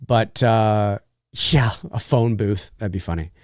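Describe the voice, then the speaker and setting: A man hosting a casual live question-and-answer stream, rambling and animated, full of fillers, restarts and swearing. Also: on the low side, slow pace, dry recording, studio quality. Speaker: channel host.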